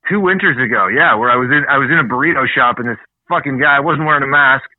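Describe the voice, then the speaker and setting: A man's voice: medium pitch, quick pace, no echo. A man from Canada co-hosting a casual talk show, ranting bluntly and swearing freely. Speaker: podcast co-host. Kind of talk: casual chat. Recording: tinny phone-like line.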